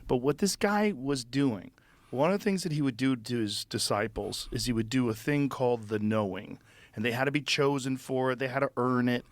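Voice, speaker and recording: Man, mid-pitched voice, dry close sound, thoughtful, musing, casual chat. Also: no room sound. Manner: reflective, musing aloud with questions. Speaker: comedy club owner.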